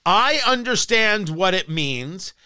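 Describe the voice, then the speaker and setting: High, lively, combative male talk host. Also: slow, clear, resonant tone, no echo. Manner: combative, ranting, scornful. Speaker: political talk show host. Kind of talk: opinion monologue.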